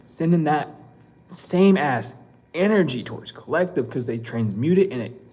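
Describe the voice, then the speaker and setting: A man's voice: on the high side, slightly rough. A man giving a casual spiritual reading to camera, blunt and scolding, in profane street slang. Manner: animated and scolding, with quick laughs. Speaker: spiritual reader.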